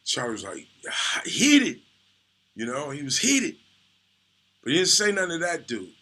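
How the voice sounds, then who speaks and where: A man's voice: a little high, very animated, a little fast, pushed and bright. A man, a comedian, telling a profane, laid-back story full of "you know"s. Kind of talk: casual storytelling.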